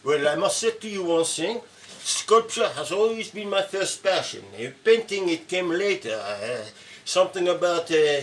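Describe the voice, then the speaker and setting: A man's voice: high-pitched, a little hiss or hum. A man in his seventies teaching a casual stone-carving lesson in his studio, playful and chatty, often adding "no?" to his sentences. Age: 70s. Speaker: sculptor teaching a carving course.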